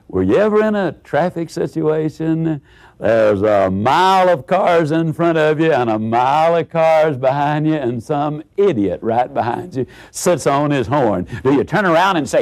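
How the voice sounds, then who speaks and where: Animated man telling motivational stories. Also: a little high. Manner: animated storyteller who acts out characters; asks rhetorical questions. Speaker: motivational speaker. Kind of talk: motivational storytelling speech.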